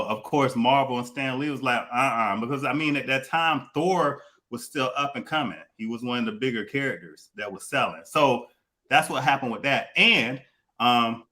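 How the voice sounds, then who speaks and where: A man's voice: mid-range voice, moderate pace, sharp tone. A man hosting a casual comic book podcast, talking loosely and repeating himself as he explains. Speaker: podcast host.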